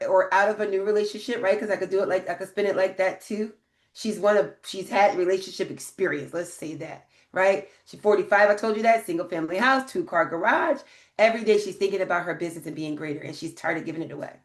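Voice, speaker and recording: A woman's voice: mid-range voice, reverberant. A woman hosting a live grant training, chatting emphatically, asking her viewers questions and reading their comments. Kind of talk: livestream business coaching.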